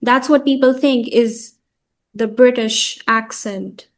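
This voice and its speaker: Host, woman from India, slightly high voice, hesitant and inquisitive. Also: takes it slowly. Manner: questioning, hesitant, thinking aloud. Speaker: host and interviewer. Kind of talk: conversational interview.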